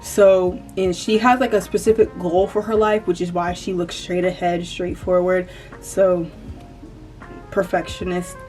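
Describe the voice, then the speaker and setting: Faint music plays under a woman's mid-range, darkish voice, picked up by a distant mic so she sounds a bit off-mic. With a slight Southern US country accent, she chats to camera in a loose commentary vlog, rambling and frequently correcting herself as a YouTuber.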